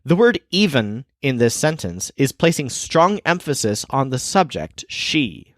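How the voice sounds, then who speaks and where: Lively man teaching, dry close sound. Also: mid-range voice, no room sound. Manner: explains clearly, slows down for example sentences. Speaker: language teacher. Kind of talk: scripted teaching narration.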